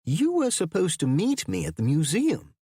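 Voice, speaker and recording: A man doing an elderly English professor with a refined, high, rising voice that climbs when he gets worked up. He sounds polite but quick to take offense and scoff. The voice is a little husky and dry. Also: wildly swooping pitch, warm tone, no echo, full character voice. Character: older male English historian, indignant.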